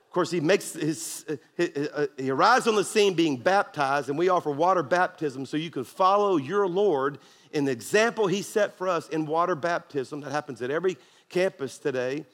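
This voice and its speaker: A male pastor delivers an emphatic sermon, urging the congregation to answer him back. His voice sits high for a man. The sound rings with the long reverb of a large church hall. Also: normal speed, fairly bright tone. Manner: preachy, emphatic, call-and-response to congregation.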